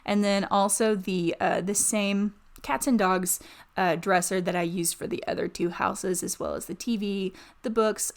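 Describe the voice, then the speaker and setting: A woman's voice: lowish voice, creaky. A woman giving casual, chatty voice-over commentary on a game build, gushing and rambling with many fillers. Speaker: Sims building YouTuber.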